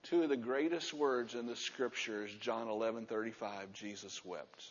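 Older guy in his 60s preaching, hammers words over and over, raspy voice, kinda muffled. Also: moderate pace. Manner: emphatic, repeats key words, drops to a soft low voice for stress. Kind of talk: sermon. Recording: muffled sound with long hall reverb.

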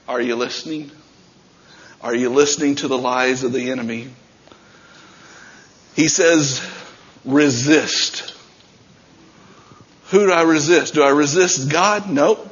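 A man preaching a sermon as pastor, swinging between shouted passages and quieter talk. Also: mid-range voice, husky, highs cut off.

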